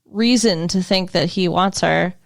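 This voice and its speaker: A woman co-hosting a podcast, chatty and thinking out loud in a casual movie review chat, swearing now and then. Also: lowish voice, unhurried, creaky, no echo, clean studio sound. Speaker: podcast co-host.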